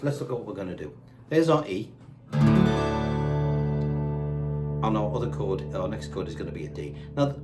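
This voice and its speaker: Male guitar teacher, mid-pitched, patient, counts beats aloud over loud guitar. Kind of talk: step-by-step guitar lesson. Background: his own guitar playing.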